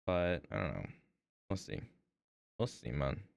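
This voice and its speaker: A young man with a smooth, somewhat low voice drifts through an unhurried, rambling chat while he works on his art for a stream. His talk is playful and lively in pitch, often trailing off as if he is thinking aloud. The sound is dry and close, with no room around it. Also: no room sound. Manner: rambling, playful, talks to himself. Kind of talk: casual chat while working.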